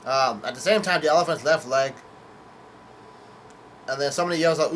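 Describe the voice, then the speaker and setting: A man's voice: fairly high pitch, fairly quick, a bit bright, a little hiss or hum. A man casually recapping a comic chapter, hesitant, with many fillers, self-corrections and casual swearing. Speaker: manga chapter reviewer.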